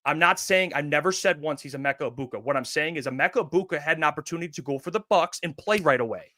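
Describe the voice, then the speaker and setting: Forceful, bright-voiced male sports host. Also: fairly high pitch, fast, no echo, clean studio sound. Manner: emphatic, insistent, talks over his co-host. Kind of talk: heated sports debate.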